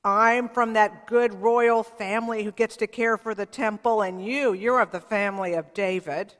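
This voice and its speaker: Woman doing a boastful old priest, bragging, puffed-up, lower voice, long reverb. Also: steady tone, moderate pace, a bit bright, natural voice.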